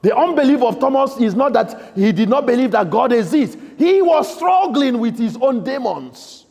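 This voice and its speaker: A man preaching a sermon as priest in a church, emphatic, swinging between loud outbursts and soft, quiet lines. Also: very high-pitched, expressive, moderate pace, gravelly. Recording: echoey church hall.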